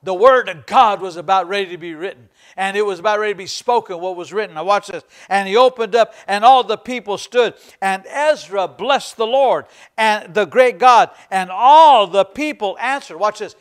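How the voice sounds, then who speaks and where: High-pitched guy preaching hard, pastor, keeps repeating himself for emphasis. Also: moderate pace, hardly any pauses, smooth. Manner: fervent, emphatic preaching with repetition. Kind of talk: sermon.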